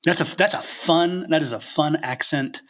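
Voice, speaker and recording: A man's voice: a little high, normal speed, fairly bright tone. A man, a novelist, talking earnestly and passionately in a casual interview, thinking aloud as he goes. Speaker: novelist guest.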